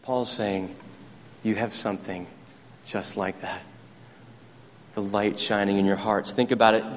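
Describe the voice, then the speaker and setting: A man preaching a sermon as pastor, telling stories with rising excitement. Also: lowish voice, measured pace, long pauses, long reverb tail, a little hiss or hum. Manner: animated, storytelling preacher who gets excited. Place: church sanctuary.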